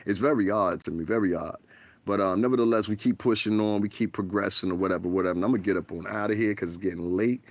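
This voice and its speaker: A man from the United States with a low voice talks in a loose, rambling livestream rant from his bedroom. He is frank and profane, recorded on a tablet. The sound is dry with no room echo. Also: fast talker. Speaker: livestream host.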